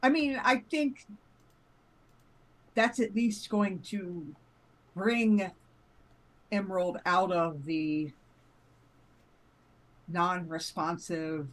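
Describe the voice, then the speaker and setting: A woman running a tabletop game as game master, speaking in a relaxed, measured way. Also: lowish voice, low-quality recording.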